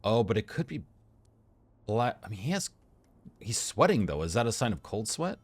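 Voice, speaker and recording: A man with a fairly low voice talks through a game session in lively, swooping tones. He thinks out loud, reads the on-screen text and cracks jokes at the characters as he weighs each choice. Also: moderate pace, slightly rough, dry recording. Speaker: gameplay commentator. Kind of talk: let's play commentary.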